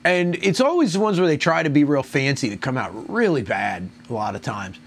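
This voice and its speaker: Man, casual beer reviewer, mid pitch, groaning and crude complaints. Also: sing-song, a little fast.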